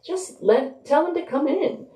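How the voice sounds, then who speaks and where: A man's voice: very high-pitched, animated, unhurried, warm tone, voice pushed up. A woman reading aloud and voicing a playful, joking male AI version of a dead husband. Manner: teasing, jokey. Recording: roomy echo.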